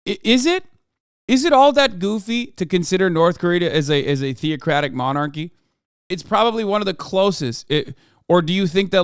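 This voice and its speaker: A man hosting a livestream, ranting at his chat in a profane, sarcastic, heated way, sometimes shouting. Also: clear, resonant tone, dry recording, clean studio sound. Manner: shouts and raises pitch when ranting. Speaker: livestream host reacting to chat. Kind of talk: casual livestream rant.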